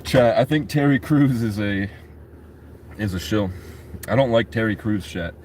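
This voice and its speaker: A man's voice: lowish voice, unhurried, a little mellow, slight background noise. A man vlogging in casual, rambling chat, swearing freely and talking straight to his viewers. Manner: rambling, profane, talks to chat.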